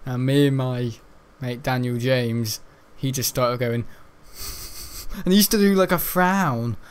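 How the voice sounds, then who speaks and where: A man's voice: mid-range voice, a little slow, clean tone. A young man telling a school story while gaming, laughing often and tripping over his words. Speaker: gaming streamer.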